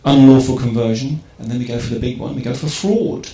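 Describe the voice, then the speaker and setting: A gravelly, dark-toned English voice at medium pitch speaks fairly quickly and steadily to a live crowd in an echoey event hall with faint ambience. The public speaker stays conversational, asking rhetorical questions and checking in with "right?"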